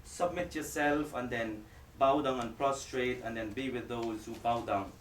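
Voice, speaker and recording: A man's voice: mid-range voice, unhurried, slight background noise. Joking male preacher in an echoey hall. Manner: joking, addresses the audience directly. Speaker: Islamic preacher. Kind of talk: lively lecture to a live audience. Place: lecture hall with audience. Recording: echoey hall, distant mic.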